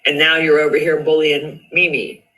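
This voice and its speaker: A man's voice: on the high side, completely flat delivery, normal speed, sharp tone, poor audio. A man hosting a live stream, reading screenshots aloud and going over online drama in casual commentary, repeating questions for emphasis.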